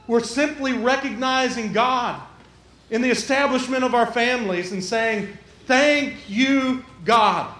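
A man's voice: extremely high pitch, a little slow, sharp tone. A man preaching a sermon, folksy and conversational, with a church's roomy echo. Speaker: pastor. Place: church sanctuary.

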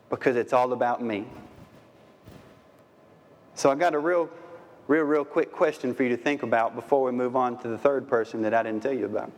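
A man's voice: mid-range voice, moderate pace, pauses often. Man preaching in a reverberant hall. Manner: asks the audience many rhetorical questions; folksy, conversational preaching. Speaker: pastor. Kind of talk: sermon. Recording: long reverb of a large hall.

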